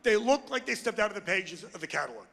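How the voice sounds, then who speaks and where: A brash male stand-up comedian works the crowd on a club stage, his voice gravelly and sharply bright. The live hall carries a long reverb. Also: high-pitched, very animated, fast talker. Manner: brash, crude, crowd work.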